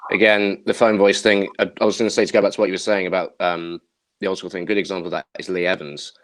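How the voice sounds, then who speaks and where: Fast, lively lower-voiced man. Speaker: podcast host. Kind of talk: casual podcast chat.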